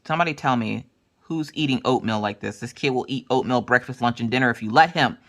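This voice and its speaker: With a rumbling low voice and a fast delivery, a woman hosting a craft vlog from her home craft room tells family stories in a casual chat. She's animated, performing lots of family members' voices.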